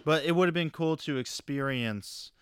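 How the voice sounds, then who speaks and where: A man's voice: fairly high pitch, normal speed, a bit bright, clear, resonant tone. A man in casual conversation, talking thoughtfully and hesitantly as he restarts his sentences. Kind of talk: casual chat.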